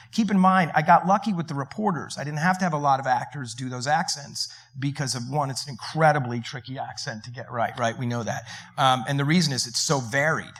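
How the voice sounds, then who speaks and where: A man on a film panel, telling lively anecdotes with quick asides and laughs. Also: mid-range voice. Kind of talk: panel discussion storytelling.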